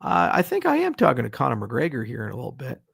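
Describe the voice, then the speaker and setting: A man's voice: mid-range voice, wildly swooping pitch, fast, vocal fry, a bit bright, slightly rough, no echo, studio quality. A middle-aged man hosting a casual livestream Q&A, irreverent and joking, swearing freely as he answers viewer questions.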